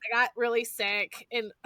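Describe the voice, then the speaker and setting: A woman, hosting a podcast and telling stories in a lively, foul-mouthed, chatty way. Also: a little high, slow, no echo. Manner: animated storyteller, swears freely, addresses listeners as y'all. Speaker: podcast host. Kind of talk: casual chat.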